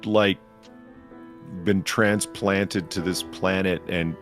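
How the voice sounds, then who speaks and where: A man's voice: low-pitched, steady tone, slow pace, soft background music. A man co-hosting a casual podcast, ranting profanely and sarcastically about a movie's plot. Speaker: podcast co-host. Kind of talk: casual chat reviewing a film.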